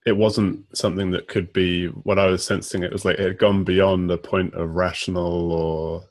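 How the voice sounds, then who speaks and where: A man hosting a casual conversation, calmly reflecting back what his guest says. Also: low voice, normal speed. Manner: calm, reflective, paraphrasing the guest.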